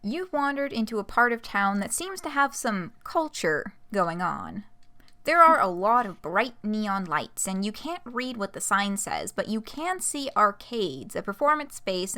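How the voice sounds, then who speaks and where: Bright, lively woman narrating a game. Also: mid-range voice. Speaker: streamer and narrator. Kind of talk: reading game narration aloud.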